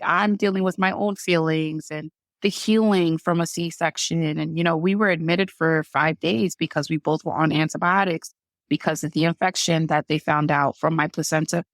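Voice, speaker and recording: A woman with a lowish voice recounts her birth experience in loose, conversational storytelling, full of fillers and quoted lines she acts out. The sound is dry and close, with no room around her. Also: vocal fry, no echo. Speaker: podcast guest sharing her birth story. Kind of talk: emotional personal storytelling.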